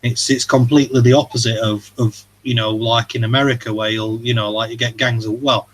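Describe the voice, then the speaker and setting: A man's voice: mid-range voice, little pitch movement, a little fast, a bit bright, rough recording. A man hosting a casual livestream chat, talking in a rambling, hesitant way with lots of fillers and swearing. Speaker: livestream host.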